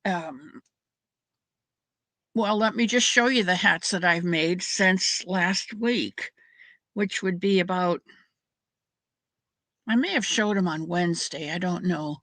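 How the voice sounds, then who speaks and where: A woman's voice: lowish voice, takes it slowly, pauses often, a bit bright, no room sound. A middle-aged woman hosting a crafting livestream, chatting casually and rambling as she greets viewers by name. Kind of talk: casual chat with live viewers.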